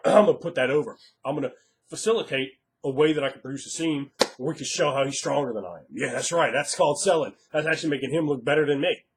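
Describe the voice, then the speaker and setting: A man giving blunt, emphatic advice on tabletop role-playing as a game master, acting out quoted players. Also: mid-range voice. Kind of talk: casual advice monologue.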